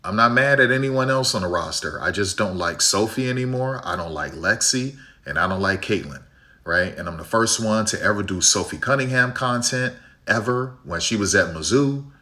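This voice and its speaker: A man's voice: lowish voice, lively intonation, moderate pace, bright, forceful tone. A man from Chicago streaming a basketball game, ranting bluntly with strong opinions and a habit of tagging "right?". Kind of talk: live game-watch commentary and rant.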